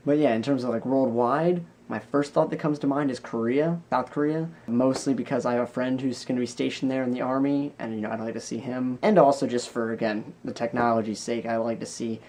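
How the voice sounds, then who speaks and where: A man's voice: medium pitch, steady tone, quick pace, vocal fry, few pauses, darkish tone. A young man talking casually in a vlog, rambling loosely, with restarts and trailing thoughts. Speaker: vlogger.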